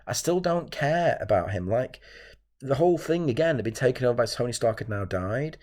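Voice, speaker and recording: A man's voice: medium pitch, expressive, fairly quick, a little mellow. A man hosting his own channel, ranting solo to camera in an exasperated, repetitive way. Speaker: channel host reviewing films.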